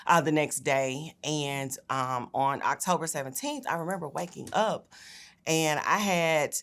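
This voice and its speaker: A young state senator from Memphis, Tennessee gives a personal testimony, earnest and conversational with frequent fillers. Her voice is low and fairly bright, and she speaks unhurriedly.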